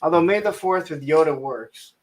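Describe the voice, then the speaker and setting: A man's voice: fairly high pitch, moderate pace, a little hiss or hum. A tired man chatting loosely with friends on a livestream video call, rambling as he goes. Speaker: regular panelist on a toy livestream. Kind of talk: casual chat. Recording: distant-sounding call mic.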